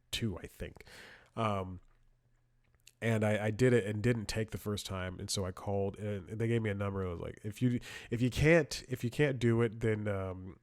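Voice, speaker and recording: A man's voice: on the low side, no echo, clean studio sound. A man hosting a comedy podcast, telling a rambling story with lots of restarts and sarcastic asides. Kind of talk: casual comedic monologue.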